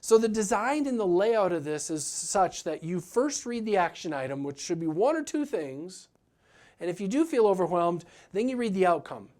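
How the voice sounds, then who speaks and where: A man's voice: high voice, sing-song, moderate pace, a little mellow. A man giving a motivational business talk as a practice coach, earnest and direct, often acting out what his clients say.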